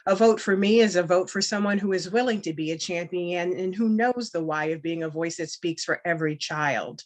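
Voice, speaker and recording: Woman, candidate speech, earnest, emphatic, lowish voice, fillers in answers. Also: moderate pace. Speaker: board candidate.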